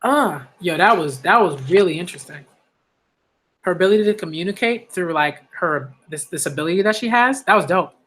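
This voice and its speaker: A man's voice: high-pitched, animated, brisk, a bit bright. A man reading a manga aloud and reacting in casual, slangy asides.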